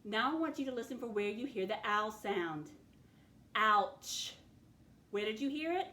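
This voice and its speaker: A woman's voice: fairly high pitch, animated, brisk, fairly bright tone. A woman teaching a phonics lesson to children, patiently sounding out words letter by letter.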